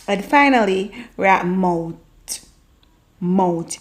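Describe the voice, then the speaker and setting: A woman's voice: medium pitch, expressive, slow, a little hiss or hum. Playful Jamaican woman vlogger. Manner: playful, laughs often while teaching. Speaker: vlogger teaching Jamaican Patois. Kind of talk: casual teaching vlog.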